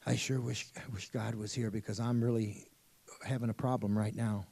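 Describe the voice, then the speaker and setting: A man's voice: on the low side, steady tone, moderate pace, creaky, a little mellow. A man voicing a distraught, pleading ordinary man who stammers as he explains himself. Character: anxious, pleading adult man.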